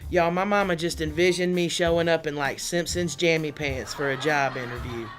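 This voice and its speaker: Woman comic, animated rambling delivery, faint music underneath. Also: low-pitched, moderate pace. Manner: animated, chatty, laughing often. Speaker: stand-up comedian. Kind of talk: stand-up comedy set. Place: studio under lights.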